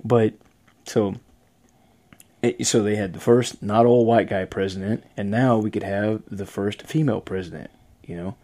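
A man's voice: fairly low pitch, normal speed, dark tone. A man hosting a casual podcast chat, rambling, trailing off and laughing often. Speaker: podcast host.

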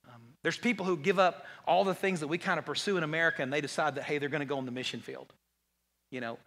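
A man preaching a conversational, joking sermon, full of restarts and repeated words, and going low and quiet when he quotes Jesus. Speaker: pastor. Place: large church hall. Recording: long hall reverb.

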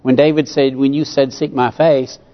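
A male pastor preaches an earnest sermon, drawing out quoted prayers slowly for emphasis and chuckling between points. His middle-pitched voice carries a long church-hall reverb. The recording sounds a little dull and muffled. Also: flat delivery.

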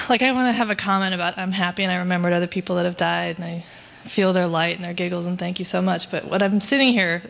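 A woman's voice: on the low side, gravelly, fairly bright tone. A woman in a workshop group voicing an objection in an uncertain, rambling way. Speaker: workshop participant.

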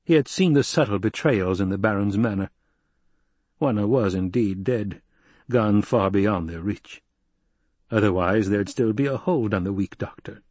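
A man narrating a novel in a steady, measured storytelling voice. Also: lowish voice, no room sound. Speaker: audiobook narrator. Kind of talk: scripted narration.

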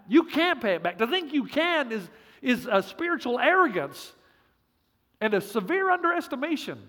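A man's voice: very high-pitched, fairly bright tone, big-room sound. A man preaching a sermon as pastor, punchy and joking, with emphatic repeats.

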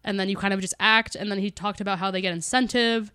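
A woman's voice: mid-range voice, fairly even intonation, quick pace, sharp tone, clear, resonant tone, no echo, studio quality. A young woman co-hosting a podcast in casual chat, explaining a story at length with many fillers. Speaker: podcast co-host.

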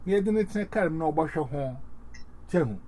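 Man talking casually with lots of fillers and restarts, warm voice, light noise behind. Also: on the high side, animated. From Ghana. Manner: rambling, halting, many fillers and restarts. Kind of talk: casual chat.

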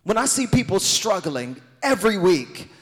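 High-voiced man preaching with sung intensity. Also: big pitch swings, moderate pace. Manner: builds from hushed to sung, shouted preaching. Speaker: pastor. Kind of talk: sermon. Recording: long hall reverb with music behind.

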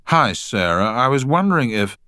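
Narrator doing a pushy young man, eager, insistent, lively voice, dry sound. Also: mid-range voice, moderate pace, dry recording, voice pushed up.

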